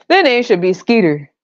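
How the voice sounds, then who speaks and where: A woman's voice: a little high, dry recording, dull audio. A woman hosting a podcast, ranting in a blunt, profane, mocking way and acting out other people's voices. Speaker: podcast host. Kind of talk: casual ranting monologue.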